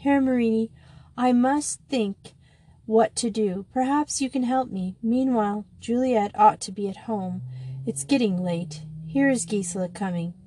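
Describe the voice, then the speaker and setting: A woman's voice: a little high, a little slow, a little hiss or hum, close to an everyday voice, low-quality recording. A woman voicing a kind, reassuring young headmistress. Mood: gentle. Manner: gentle, reassuring. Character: kind young headmistress, gentle but firm.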